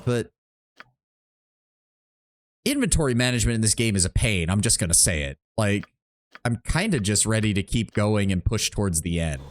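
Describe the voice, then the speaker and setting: A man's voice: fairly low pitch, animated, normal speed, pauses often. A man giving casual, rambling live commentary while streaming a game, thinking aloud and swearing freely.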